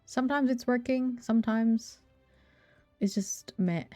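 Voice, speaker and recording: A woman's voice: a little high, measured pace, dark tone, no room sound, faint music behind. A young woman streamer chatting casually on a desk mic and playfully humming nonsense syllables and meowing between her chatter. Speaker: game streamer.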